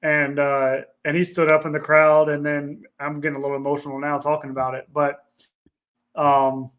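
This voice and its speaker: A man's voice: a little high, monotone, moderate pace, fairly bright tone. A man with a slightly raised voice speaks candidly about his past, earnest and unguarded. He talks like a podcast guest sharing something personal, with the odd curse word thrown in. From Ohio, USA. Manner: earnest, candid, swears casually. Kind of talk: emotional personal storytelling.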